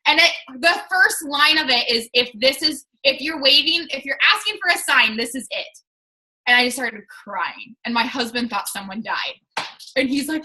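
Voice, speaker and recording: Bright, high-voiced young woman coach. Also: moderate pace, poor audio. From Washington state, US. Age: 20s. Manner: chatty and earnest, many "like"s, candid. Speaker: fitness coach. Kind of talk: casual team call, personal story.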